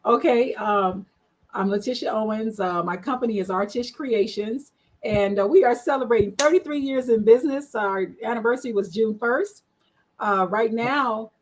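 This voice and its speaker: A marketing strategist appears as a guest on an online panel show, chatty and frank, telling her story with lots of fillers. Her voice is a little high, and the recording is rough.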